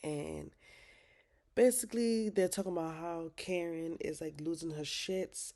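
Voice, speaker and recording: A woman's voice: fairly low pitch, measured pace, warm tone. A woman vlogger recapping a TV drama episode in casual, slangy talk, swearing freely.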